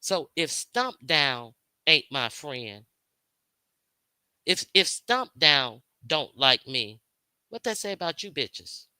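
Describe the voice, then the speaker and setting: A woman's voice: low-pitched, big pitch swings, takes it slowly, bright, forceful tone, smooth, dry recording. A woman hosting her own stream, talking straight to her viewers in a heated, profane rant, repeating herself and firing questions at her critics. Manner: confrontational, profane, repetitive. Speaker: livestream host.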